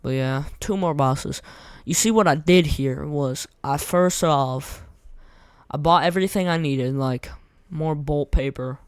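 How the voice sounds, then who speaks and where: A young man talks through a boss fight in loose, slangy, rambling commentary, his voice hoarse and fraying. His pitch sits a little high for a man, and the recording is dry and close with no room sound. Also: measured pace, no room sound. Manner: rambling, slangy, repeats himself. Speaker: gaming content creator. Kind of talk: casual gameplay commentary.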